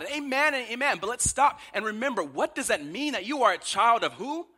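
Bright, lively preaching man. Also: very high-pitched, brisk, breathy edge. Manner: emphatic rhetorical questions, voices grumbling Israelites. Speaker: pastor. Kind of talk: sermon.

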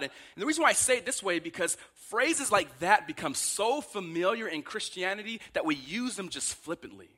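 A man's voice: high-pitched, big pitch swings, fairly quick, few pauses, pushed and bright. A man preaching a sermon, asking emphatic rhetorical questions and briefly voicing grumbling complainers. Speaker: pastor.

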